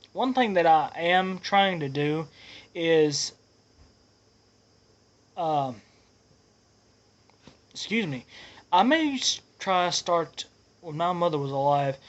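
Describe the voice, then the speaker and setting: Man, slightly high voice, earnest, rambling vlog host, dull lo-fi recording. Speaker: channel host. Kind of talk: casual vlog update.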